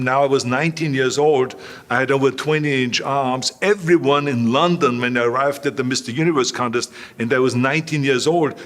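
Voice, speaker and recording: A man's voice: mid-range voice, fairly bright tone. A man telling stories emphatically in an interview, repeating phrases. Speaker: guest. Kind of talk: storytelling interview.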